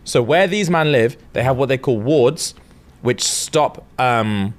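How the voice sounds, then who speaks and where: A man's voice: medium pitch, expressive, slow pace. A young man, casually retelling a story on a podcast and acting out the characters' lines with slang and swearing. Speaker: podcast co-host.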